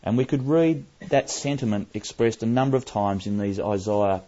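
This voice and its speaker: A man giving a Bible study sermon, emphatic, slowing down and repeating key phrases to drive a point home. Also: lowish voice, dark tone, highs cut off. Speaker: Bible teacher.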